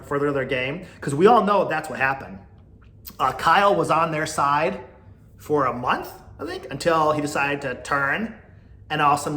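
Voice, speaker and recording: A man in his thirties hosting a solo podcast, chatty and gossipy, swinging between loud outbursts and mumbled asides. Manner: mocking, mimics others in a high whiny voice. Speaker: podcast host. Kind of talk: casual solo podcast rant. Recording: echoey room with faint background noise.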